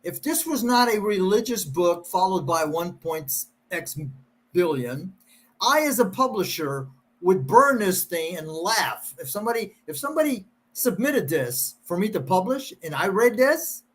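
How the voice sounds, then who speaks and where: A man's voice: sits high, sing-song, measured pace, fairly bright tone. A middle-aged man hosting a casual chat, reading verses aloud and mocking them sarcastically. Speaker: show host.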